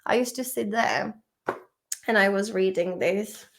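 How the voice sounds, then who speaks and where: In her thirties and from the Czech Republic, this English teacher has a mid-range, unhurried voice. She goes through vocabulary in a casual vlog-style study session, chatting emotionally, laughing and swearing along the way.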